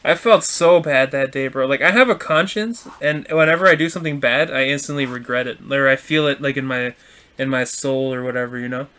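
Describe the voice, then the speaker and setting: Bright-voiced young man telling a story. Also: mid-range voice, brisk, smooth. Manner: animated, swearing, acts out quotes. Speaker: podcast co-host. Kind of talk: casual storytelling chat.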